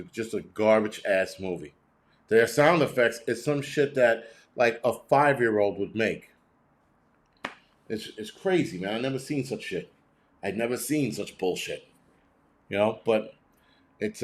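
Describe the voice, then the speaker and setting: On a prepping channel's livestream, a man chats casually and reacts to viewer comments. He's blunt and profane, rambling with lots of restarts. When he rants he gets animated, his pitch swinging between high and low.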